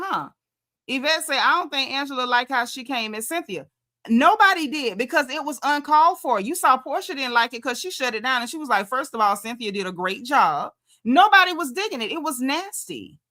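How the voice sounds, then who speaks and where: A sassy young woman with a lilt, breaking down reality TV drama in a loose, chatty recap. Her voice is bright and slightly high, and she slips into the quoted lines with plenty of attitude. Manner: sassy, animated, acts out quotes. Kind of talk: casual recap commentary.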